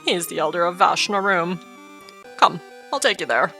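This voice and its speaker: A woman voicing an earnest young man in a fantasy game who speaks in a formal, measured way. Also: lowish voice, pushed and bright, faint music behind. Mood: calm.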